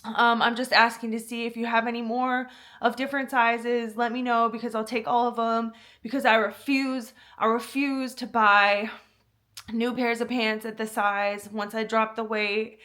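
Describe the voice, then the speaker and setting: Woman doing a loud rambling New Jersey type guy, overexplaining, a bit higher than her usual. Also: flat delivery, moderate pace, natural voice. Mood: rambling eager. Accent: put-on New Jersey type. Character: chatty oversharing male buyer, healthcare worker.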